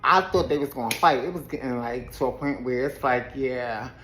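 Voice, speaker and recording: A woman's voice: rumbling low, moderate pace, roomy sound, soft background music, poor audio. A woman giving a casual, sassy recap of a reality TV episode with her own commentary, laughing often as she tells it. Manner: sassy, expressive storyteller who laughs often.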